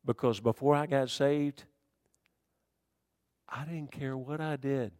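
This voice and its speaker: A man preaching a sermon in folksy dialect, swinging between shouted warnings and hushed, quiet storytelling. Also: mid-range voice, steady tone, slow pace, no room sound.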